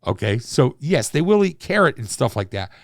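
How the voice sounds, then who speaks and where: A man's voice: mid-range voice, big pitch swings, moderate pace, no echo, studio quality. A man ranting in a profane opinion monologue. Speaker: commentator.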